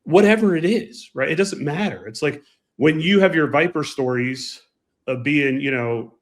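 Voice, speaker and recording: A man co-hosting a casual podcast, telling emphatic, animated anecdotes about flying. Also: on the high side, moderate pace. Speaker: podcast co-host and pilot. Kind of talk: casual chat, storytelling.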